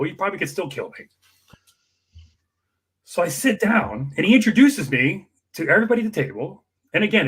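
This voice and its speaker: A man telling a long personal anecdote in an emotional, animated way, acting out the people in it. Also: fairly high pitch, slightly rough. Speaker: campaign worker guest. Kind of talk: storytelling anecdote.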